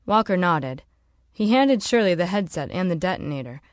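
A woman narrating an audiobook in a steady, measured way. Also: lowish voice, no room sound, clean studio sound.

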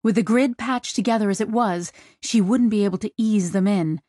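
Reading scripted audiobook narration, a woman with a mid-range voice keeps her storytelling even and measured. It's recorded in studio quality with no echo.

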